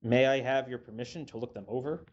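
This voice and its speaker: A man voicing a precise, formal gentleman stranger with an English accent in a told story. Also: medium pitch, quick pace, muffled recording, natural voice. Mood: courteous. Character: precise, courtly old-fashioned gentleman stranger.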